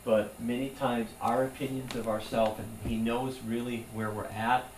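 A man's voice: medium pitch, flat delivery, normal speed. A male pastor preaching a sermon in an earnest, conversational way. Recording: echoey room, voice from far off, faint hum.

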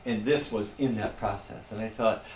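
A man's voice: fairly low pitch, steady tone, moderate pace, vocal fry, a little mellow. A male pastor preaching a sermon in an earnest, conversational way. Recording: echoey room, voice from far off, faint hum.

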